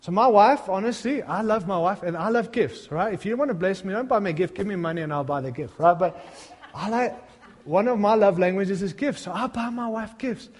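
A middle-aged man preaches a sermon to his congregation, his voice pitched high. He tells self-mocking, funny stories and then swells into fervent appeals. His voice carries a long reverb, as if filling a large church hall. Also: fairly quick. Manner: humorous, self-deprecating storytelling that builds to fervent appeals. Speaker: pastor.

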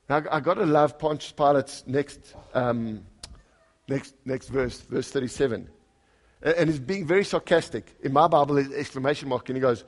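Higher-voiced man preaching a conversational sermon. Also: brisk. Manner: emphatic, asks the congregation questions; reads scripture aloud with lively emphasis. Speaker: pastor.

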